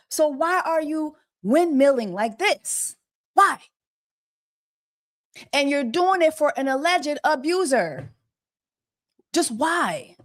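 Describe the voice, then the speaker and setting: A slightly high-voiced woman hosts a casual celebrity gossip livestream. Sounding exasperated, she piles on rhetorical questions and mocks her subjects with quacking bird jokes.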